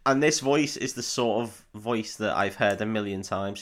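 A man's voice: on the low side, moderate pace, fairly bright tone. A man co-hosting a podcast, reacting in short bursts and throwing in crude jokes. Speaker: podcast co-host. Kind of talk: casual chat.

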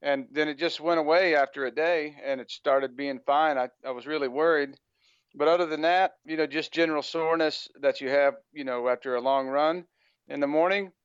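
An American man with a slightly raised pitch and a smooth, clean voice, chatting casually as a podcast guest. He rambles loosely and leans on "you know" between phrases. The audio is dull and lo-fi, as if over a remote call, with a dry, close sound. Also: fairly even intonation, brisk, no room sound. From United States. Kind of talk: casual interview chat.

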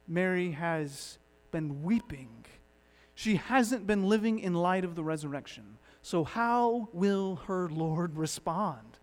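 Pastor, male, higher register, dynamic preacher who drops from punchy to hushed, long church reverb. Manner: dynamic, swinging from loud emphatic to hushed. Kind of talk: sermon.

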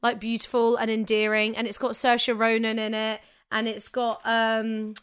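A woman's voice: fairly high pitch, monotone, moderate pace, a bit bright, smooth. A woman with a London accent co-hosting a casual podcast, gushing enthusiastically and laughing often as she rambles. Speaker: podcast co-host.

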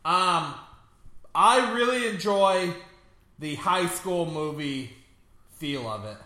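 Podcast co-host, male, high and bright, rambling and jokey, echoey room. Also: animated, slow. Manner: joking, rambling, laughs often. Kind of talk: casual movie review chat.

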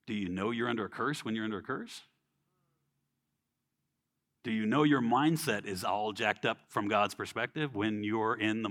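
Bright, conversational male preacher. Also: medium pitch. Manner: conversational, frequent "right?" check-ins; acts out quoted people in voices. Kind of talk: sermon.

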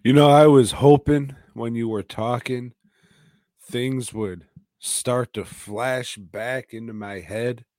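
A man's voice: mid-range voice, steady tone, slow, a little mellow, dry recording, studio quality. A man co-hosting a podcast, crude and sarcastic, swearing through a casual movie chat. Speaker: podcast co-host.

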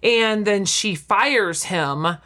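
A woman's voice: medium pitch, drawn-out words. A woman chatting casually as a podcast co-host, retelling scenes with acted-out quotes and frequent laughter. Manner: animated storytelling, acting out quotes, laughing often. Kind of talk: casual chat about a TV show.

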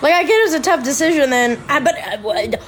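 Blunt, excitable woman podcast host. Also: high-pitched, fast, a little hiss or hum. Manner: blunt, swears freely, excitable. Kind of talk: casual reaction commentary while watching TV.

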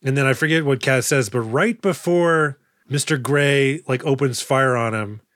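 A man's voice: mid-range voice, moderate pace, a bit bright, dry recording, studio quality. A man co-hosting a casual movie podcast, joking and acting out lines in silly voices. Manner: jokey, acts out movie lines in goofy voices. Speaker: podcast co-host.

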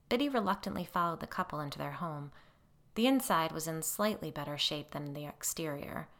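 A woman's voice: lively intonation, fairly quick, fairly bright tone. A woman reading a ghost story aloud as narrator, lifting her voice for the characters' lines. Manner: voices characters with raised pitch and lowered narration tags. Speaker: audiobook narrator.

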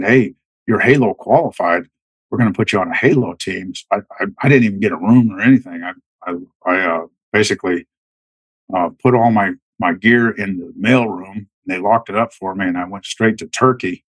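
A man in his fifties, a retired soldier, telling war stories casually in a halting way, with many restarts. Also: sits low, fairly bright tone, dry recording, low-quality recording. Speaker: guest, retired Army Green Beret. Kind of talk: casual storytelling.

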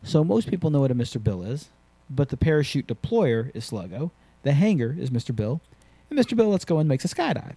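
A man hosting a casual podcast, telling loose, swear-heavy stories with lots of energy. His voice has a dark, mellow tone, and the sound is dry and close with no room echo. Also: medium pitch, fairly quick, breathy edge. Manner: profane, animated storytelling. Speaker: podcast host and skydiving instructor.

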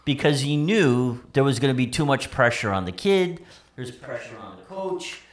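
A man co-hosts a casual podcast. His pitch swings widely as he talks. He jumps in eagerly to add context and to push for the next story. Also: animated, moderate pace. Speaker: podcast co-host. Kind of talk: casual chat.

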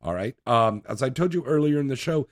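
A man's voice: mid-range voice, lively intonation, a little fast, no room sound. Brash male talk radio host, joking and chatty, dry close studio sound, plays it loose.

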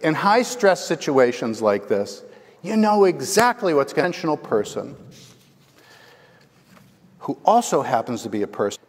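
A man's voice: fairly high pitch, sing-song, moderate pace, long pauses. A man preaching a sermon as the pastor, telling a story and asking the congregation "right?". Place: church. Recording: long hall reverb.

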